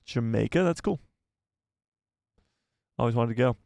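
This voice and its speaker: Brief: male streamer, mid-pitched, chatty and easygoing, reads chat aloud, close dry headset sound. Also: animated, unhurried, gravelly, darkish tone, no room sound. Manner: chatty, laughs often, talks to viewers by name. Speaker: live stream host. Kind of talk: casual live-stream chat reading viewer messages.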